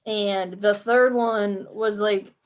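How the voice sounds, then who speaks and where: A woman's voice: mid-range voice, steady tone, slow pace. A woman co-hosting a podcast in casual gaming chat, chatty, swearing freely and acting out her own reactions as she talks. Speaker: podcast co-host.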